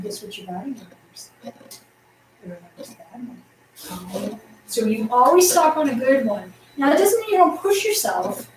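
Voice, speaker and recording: A woman teaching a tai chi class, encouraging and counting out the moves, projecting her voice loudly. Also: a little high, a little hiss or hum. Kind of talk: guiding an exercise class. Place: exercise room indoors. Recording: echoey room, voice from a distance.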